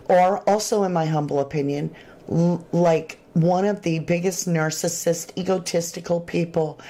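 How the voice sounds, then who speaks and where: A woman hosting a true crime livestream, chatting casually and reading viewer comments aloud. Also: lowish voice. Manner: chatty, animated, Southern-tinged slang.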